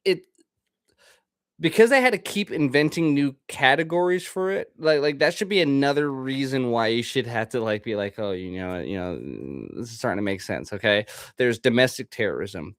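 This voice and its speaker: A man's voice: mid-range voice, fairly bright tone, no room sound, studio quality. A man, the host of a podcast, delivering a casual, rambling monologue full of swearing. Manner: profane, rambling, ranting.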